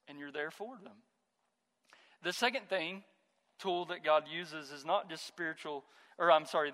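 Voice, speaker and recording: Bright, high-voiced man preaching in a reverberant hall. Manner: conversational preaching with family stories. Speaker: pastor. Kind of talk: sermon.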